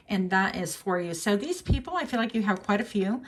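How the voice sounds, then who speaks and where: In a relaxed tarot reading, a woman muses aloud in a chatty way, using fillers and correcting herself. Her speed is normal with few pauses, and she occasionally switches to a high voice when quoting others.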